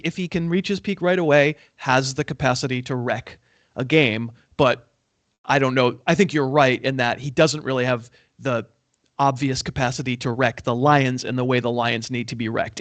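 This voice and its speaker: A man's voice: mid-range voice, normal speed, no echo. A man hosting a casual sports chat, talkative and questioning, teasing himself. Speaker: host.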